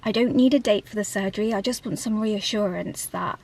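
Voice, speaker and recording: A woman talking candidly in a casual vlog from inside a parked car, often dropping to a soft whisper. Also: medium pitch, a little fast, vocal fry. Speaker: vlogger.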